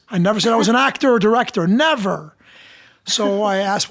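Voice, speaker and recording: A man's voice: high-pitched, a little fast. A middle-aged man, an actor and dialect coach, telling stories as a podcast guest and acting out the people he quotes. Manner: animated anecdotes, acts out quoted voices. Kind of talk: casual interview storytelling.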